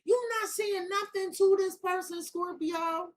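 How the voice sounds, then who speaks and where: Blunt, high-voiced woman reading tarot. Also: steady tone, unhurried. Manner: blunt, profane, slangy and emphatic. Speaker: tarot reader. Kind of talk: casual tarot reading monologue.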